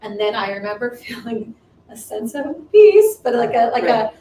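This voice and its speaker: Ministry co-host sharing testimony; slightly high pitch, recorded far from the mic in a roomy space. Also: female voice, very animated, moderate pace, warm tone. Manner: earnest storytelling with frequent restarts. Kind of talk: personal testimony on a livestream. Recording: roomy distant livestream audio, faint noise.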